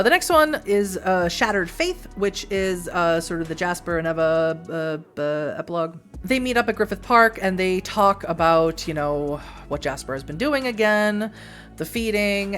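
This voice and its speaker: A woman vlogger rambling through a show recap in a giggly, self-deprecating way. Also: on the low side.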